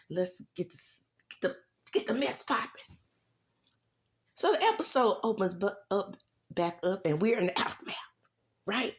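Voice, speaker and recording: A woman hosting her own channel, recapping reality TV in a sassy, animated way. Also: on the low side. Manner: sassy, animated, says "baby" a lot. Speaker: YouTube recap host.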